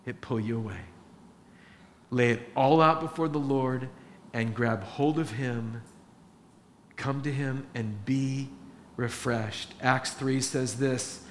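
A man's voice: medium pitch, slight background noise. A man preaching a sermon as pastor, earnest and rising into emphatic exhortation.

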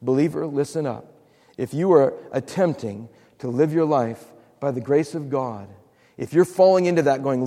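A man's voice: medium pitch, a little slow, dark tone, big-room sound. A man preaching a sermon as pastor, acting out quotes and repeating words for emphasis.

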